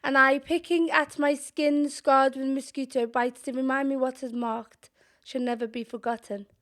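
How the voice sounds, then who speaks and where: Scouse girl doing spoken word, slow and careful, fairly high voice but kinda flat, goes whispery now and then. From Liverpool, England. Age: young adult. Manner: measured, deliberate delivery with pauses, sometimes sinking to a whisper. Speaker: poet. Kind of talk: spoken-word poetry performance.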